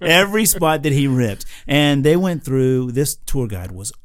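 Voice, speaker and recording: A man's voice: mid-range voice, expressive, measured pace, no room sound, clean studio sound. An American man co-hosting a podcast, telling a travel story in casual chat, rambling with lots of fillers and restarts. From United States. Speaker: podcast co-host.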